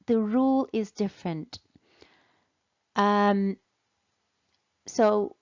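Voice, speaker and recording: A woman teaching English in a slow, deliberate way, patiently repeating and stretching out key words for learners. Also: medium pitch, darkish tone, muffled recording. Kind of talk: slow, deliberate language lesson.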